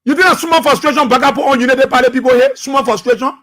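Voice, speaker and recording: A man with a Liberian English accent giving impassioned political commentary as a radio talk show host, repeating his points and sometimes shouting. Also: extremely high pitch, quick pace. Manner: impassioned, preachy, repeats phrases, shouts at times.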